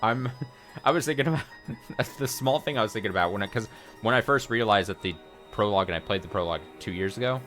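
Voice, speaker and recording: A man's voice: on the low side, fast talker, fairly bright tone, soft background music. A man in his thirties giving rambling, profane let's play commentary full of fillers and restarts. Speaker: streamer.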